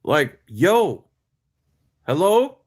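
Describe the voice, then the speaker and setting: A man's voice: fairly high pitch, very animated, extremely slow, a little hiss or hum. A man co-hosting a casual commentary, joking around and needling his co-host.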